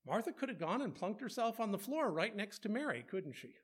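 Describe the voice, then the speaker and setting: High, lively-voiced male preacher. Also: brisk, husky. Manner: rhetorical questions and playful asides. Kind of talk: conversational sermon.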